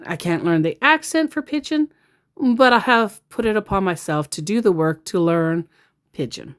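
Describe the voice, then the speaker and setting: A woman's voice: mid-range voice, animated, normal speed. A woman giving blunt, sarcastic casual commentary as a scam baiter.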